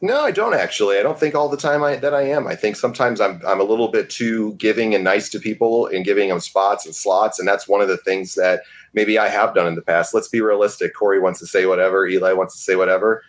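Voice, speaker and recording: Low, quick-talking man; defensive, insistent podcaster in loose banter. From upstate New York. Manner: defensive, insistent, repeats himself.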